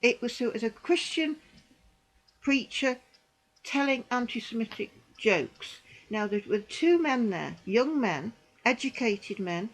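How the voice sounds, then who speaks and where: A woman's voice: fairly high pitch, lively intonation, a little slow, low-quality recording. A middle-aged woman giving a personal testimony, indignant and emphatic, repeating phrases for emphasis. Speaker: vlogger recounting church experiences.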